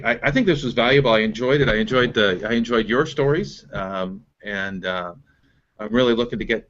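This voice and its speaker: A man's voice: lowish voice, a bit bright, dull audio. A man hosting as a business coach, explaining methods step by step and checking in with "right?". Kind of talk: coaching conversation on a call.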